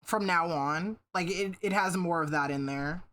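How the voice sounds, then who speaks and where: A woman's voice: lowish voice, moderate pace, fairly bright tone. A woman streamer chatting casually with her viewers, swearing freely and breaking into laughter. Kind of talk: casual live-stream chat.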